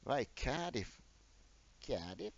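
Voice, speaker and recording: Loud truck game noise fills the dull, lo-fi audio as a middle-aged man livestreams a game, addressing viewers by name in a casual, self-mocking way. His mid-range voice is slow, with big swings in pitch.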